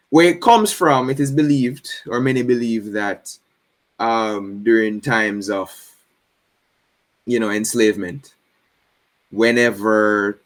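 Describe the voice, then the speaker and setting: Relaxed and easygoing, this Jamaican interview guest explains things casually, laughing a lot and adding frequent "right?" tags. His pitch is medium.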